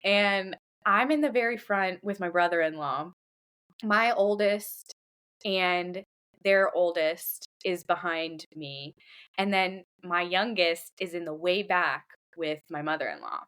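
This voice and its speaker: A woman in her thirties, a podcast co-host telling a lively story in casual chat, putting on the voices of others. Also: fairly low pitch, takes it slowly, clean tone.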